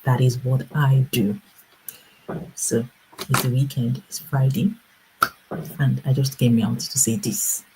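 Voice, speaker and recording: A middle-aged woman hosting a casual livestream, telling an animated personal story with laughter and acted-out voices. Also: very deep voice, slow pace, long pauses, very noisy. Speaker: livestream host and business coach.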